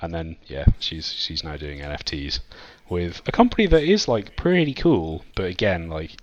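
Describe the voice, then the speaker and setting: A man's voice: low voice, wildly swooping pitch, moderate pace, dull audio. A man hosting a podcast in casual chat, rambling with many fillers and restarts. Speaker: podcast host.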